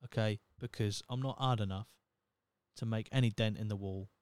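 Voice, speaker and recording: Man, 30s, Norfolk accent, podcast host, rambling and sweary, smooth clear voice, dry close sound. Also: lowish voice, fairly even intonation, normal speed, a little mellow, no room sound. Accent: Norfolk English. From Norfolk, England. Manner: rambling, profane, self-mocking. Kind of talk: casual solo podcast monologue.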